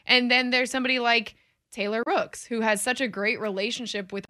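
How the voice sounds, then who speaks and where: A woman co-hosting a sports chat in a fairly high, bright voice. She talks thoughtfully and leans into her points. The sound is dry and close. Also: steady tone, a little fast, no echo. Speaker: sports talk show co-host.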